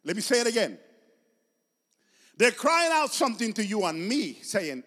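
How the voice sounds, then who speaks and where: A high-voiced man preaches with fervor, his pitch leaping up and down as he presses each point. His voice rings out with a long reverb, as in a large hall. He keeps circling back to the same words for emphasis. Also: big pitch swings, normal speed, long pauses, fairly bright tone. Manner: passionate, emphatic preaching with repeated phrases. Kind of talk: sermon.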